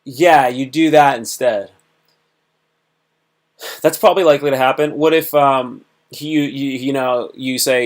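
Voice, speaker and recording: A man's voice: mid-range voice, fairly even intonation, normal speed. A man hosting a casual livestream talk, rambling and repetitive, often acting out little dialogues. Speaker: host. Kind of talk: casual livestream monologue on self-improvement.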